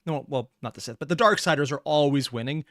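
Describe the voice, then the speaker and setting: A man casually reacting to a video, chatty and excitable, swearing freely. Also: on the high side, quick pace, dry recording, studio quality.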